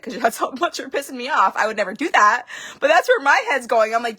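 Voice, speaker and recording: A woman's voice: fairly high pitch, expressive, quick pace, bright, forceful tone, husky. A young woman, a homeschooling parent, talking casually in a vlog and rambling frankly with lots of fillers.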